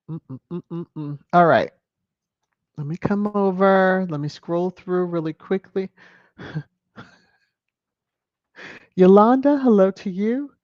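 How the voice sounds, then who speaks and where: A woman hosts a relaxed livestream and reads out viewer comments at an unhurried pace. She teases and chuckles as she goes. Her voice comes through slightly muffled and dry, with no room sound. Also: mid-range voice, no echo. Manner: playful, chuckling, teasing asides. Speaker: livestream host. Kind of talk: casual livestream chat, reading viewer comments.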